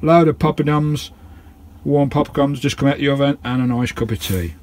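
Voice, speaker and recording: A man's voice: mid-range voice, moderate pace, darkish tone. A British man vlogging casually from inside his camper van, chatting and swearing lightly. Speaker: vanlife vlogger. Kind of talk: casual vlog chat.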